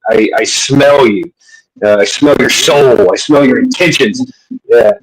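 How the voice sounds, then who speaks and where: A man hosting a casual livestream chat, profane and excitable, jumping into a high voice when quoting himself. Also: unhurried, poor audio. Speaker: livestream host.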